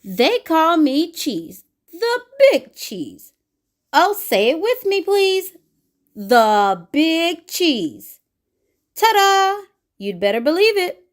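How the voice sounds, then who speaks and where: A woman's voice: very high-pitched, big pitch swings, heavily acted. A woman doing a pompous bragging cheese. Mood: boastful. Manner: pompous, showy, drawn-out bragging. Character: boastful showbiz cheese craving attention. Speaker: children's book reader. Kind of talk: picture book read-aloud.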